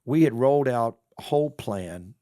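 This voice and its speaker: A man's voice: medium pitch, lively intonation, normal speed, mellow, no echo, clean studio sound. A middle-aged man, a car wash owner telling a story on a podcast and acting out both sides of the conversation. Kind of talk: casual storytelling interview.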